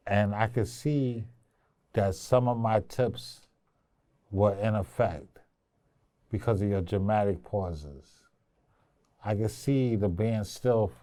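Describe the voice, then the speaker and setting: A man's voice: lowish voice, mellow, dry recording. A man coaching a young actress in a casual interview, playful and teasing, sometimes breaking into song. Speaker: acting coach.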